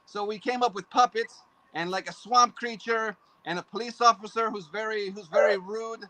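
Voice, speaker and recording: A man's voice: high voice, steady tone, moderate pace, crowd noise, low-quality recording. An older man, a show host, chatting as a podcast guest in a rambling, self-deprecating way. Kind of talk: casual podcast chat.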